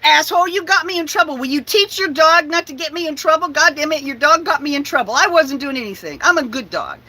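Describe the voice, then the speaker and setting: A woman's voice: sits high, expressive, quick pace, sharp tone, pitched above the performer's own voice. Winston, a woman doing a huffy scolding dog. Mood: indignant. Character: indignant male dog, self-righteous good boy.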